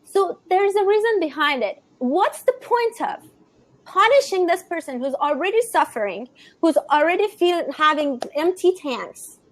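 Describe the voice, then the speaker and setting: A woman with a high voice explains parenting in an earnest, emphatic way. She often restarts mid-sentence and repeats her phrases as she works through her point. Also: big pitch swings, moderate pace. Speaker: conscious parenting guest expert. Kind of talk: explaining parenting advice in a conversation.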